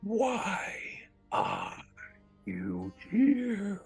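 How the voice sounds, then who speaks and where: A man voicing a faceless cloaked shadow creature that questions slowly and menacingly. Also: sits high, huge pitch swings, creaky, breathy edge, faint music behind, pitched above the performer's own voice, full character voice. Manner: slow, drawn-out, interrogating.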